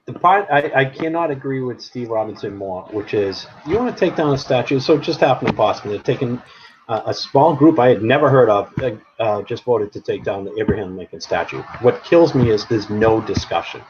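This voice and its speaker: A man co-hosting a casual podcast chat, opinionated and animated, laughing often. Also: medium pitch, a little fast. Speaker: podcast co-host. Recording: dull lo-fi sound with faint noise.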